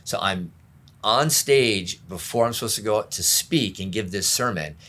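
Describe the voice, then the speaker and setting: A man's voice: lowish voice, expressive, moderate pace, pushed and bright. A middle-aged man, a pastor, candidly recounting his past in an interview, open and self-deprecating. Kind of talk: candid storytelling in a conversation.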